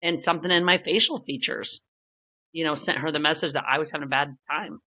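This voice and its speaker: A talkative woman co-host in easygoing podcast chat. Her voice sits a little low yet sounds bright and forward, and she laughs easily. The recording is somewhat muffled and lo-fi. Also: brisk. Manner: chatty, laughs often, retells stories with quoted voices. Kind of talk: casual chat.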